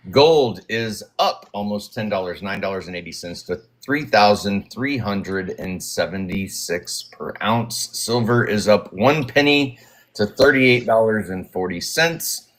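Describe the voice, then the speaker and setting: A man giving a brisk, matter-of-fact market rundown on a live stream, with dry asides. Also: lowish voice, fairly bright tone. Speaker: market report regular.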